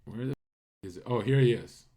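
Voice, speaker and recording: A man streaming live and ranting at his chat in a blunt, profane way. He fires off incredulous rhetorical questions in a voice of middling pitch. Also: fairly quick, dark tone. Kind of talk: casual live-stream commentary.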